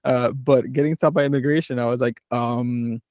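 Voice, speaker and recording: A man's voice: mid-range voice, fairly even intonation, moderate pace, a little mellow, no echo, studio quality. A young man from Philadelphia telling a road-trip story in a casual podcast chat, rambling and laughing as he acts out the people he met. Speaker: podcast co-host.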